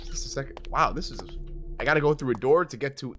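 A man doing jokey let's play commentary on a horror game, excitable, cursing and shouting at scares. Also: mid-range voice, quick pace, over loud music. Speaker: gameplay commentator.

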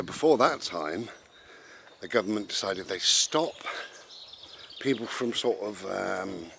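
A man's voice: sits low, creaky, fairly bright tone, a little hiss or hum. A man, rambling bluntly and sarcastically in an opinion monologue while walking his dog outdoors, swearing casually. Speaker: vlogger.

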